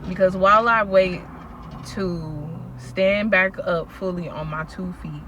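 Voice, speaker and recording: A woman telling a personal faith story in a casual vlog, slangy and animated as she recounts events. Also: fairly low pitch, slow, slight background noise. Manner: animated storytelling, acts out quoted people, slangy. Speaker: faith vlogger.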